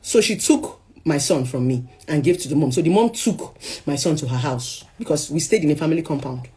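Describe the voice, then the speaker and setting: A young woman with a Nigerian accent telling a personal story as emotional testimony, swinging between hushed and loud. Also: low voice, expressive, fairly quick. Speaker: speaker sharing a personal story.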